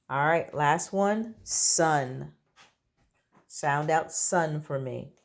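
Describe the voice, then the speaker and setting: A woman with a low voice leads young children through a phonics lesson. She talks very slowly and patiently, sounding out each letter of simple words. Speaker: kindergarten teacher.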